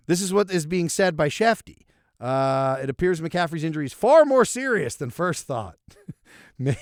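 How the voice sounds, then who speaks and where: A man co-hosting a casual sports podcast, talking in a lively, self-mocking way with laughs, swearing and restarts. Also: fairly high pitch, no room sound, clean studio sound. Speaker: podcast co-host. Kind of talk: casual chat.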